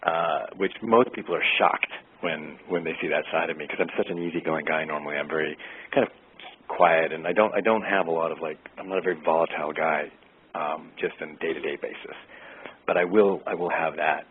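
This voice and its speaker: A man, an actor, answering interview questions in an easygoing way, pausing often with fillers to find his words. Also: extremely low pitch, slight background noise. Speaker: actor guest. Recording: tinny phone-like line.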